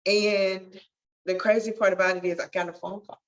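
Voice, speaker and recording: A woman's voice: mid-range voice, level tone, moderate pace, lo-fi sound. A woman guest telling her life story in an earnest, testifying way that swells with feeling. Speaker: podcast guest, nurse. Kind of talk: emotional storytelling interview.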